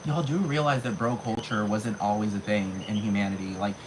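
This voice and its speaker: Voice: mid-range voice, steady tone, noisy background. A person in their thirties ranting in a monologue, swearing heavily and packing in fillers. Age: 30s. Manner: rapid, heavy swearing, many fillers. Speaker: vlogger.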